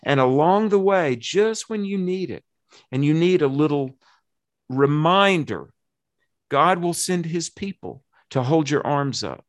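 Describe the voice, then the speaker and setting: A pastor in his fifties gives an earnest, animated personal testimony in conversation. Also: a little high, measured pace, no echo.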